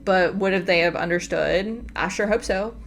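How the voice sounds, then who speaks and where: A woman's voice: fairly low pitch, vocal fry, a little hiss or hum. A woman hosting a reaction commentary from her home desk, talking emphatically and with exasperation. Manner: exasperated, emphatic, fast asides. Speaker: commentary host. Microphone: desk microphone.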